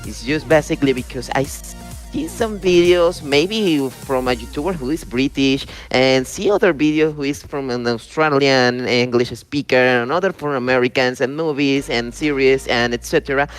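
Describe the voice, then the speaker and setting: A man's voice: mid-range voice, moderate pace, faint music behind. A man learning English, speaking hesitantly on an online voice call and stopping often to search for words. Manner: hesitant, searching for words, non-native phrasing. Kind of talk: casual group discussion.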